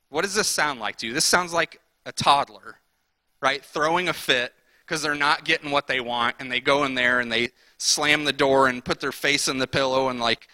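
Bright-voiced man preaching casually. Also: on the high side, no room sound. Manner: conversational, acts out characters in quick voices. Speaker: pastor. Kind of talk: sermon.

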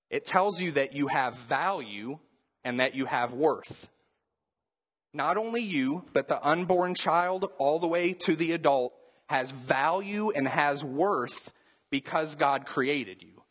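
A young adult man preaching a sermon in a relaxed, conversational way, full of casual asides. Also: fairly high pitch, breathy edge. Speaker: pastor.

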